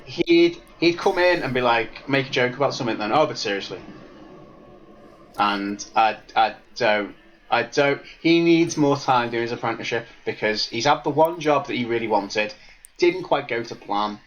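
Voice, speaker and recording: A man co-hosting a podcast in casual football chat, animated and jokey, rambling from point to point. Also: mid-range voice, moderate pace, lo-fi sound. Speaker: podcast co-host.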